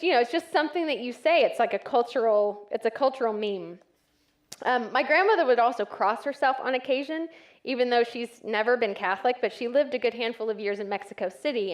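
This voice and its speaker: A woman in her thirties from West Texas, giving a conversational, self-deprecating talk to a church audience with frequent ums. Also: on the high side. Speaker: church speaker.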